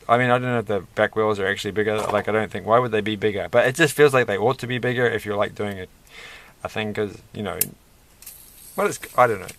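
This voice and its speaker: A man's voice: mid-range voice, fairly bright tone, a little hiss or hum. A man hosting a casual toy-building video, rambling and chatty with self-deprecating asides. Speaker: host.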